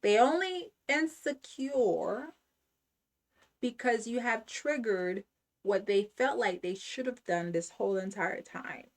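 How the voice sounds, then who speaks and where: A woman hosting a self-help channel delivers a motivational talk in a fairly high voice. She takes her time, hammering each point home through repetition in an emphatic, preaching manner. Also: slow. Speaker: channel host.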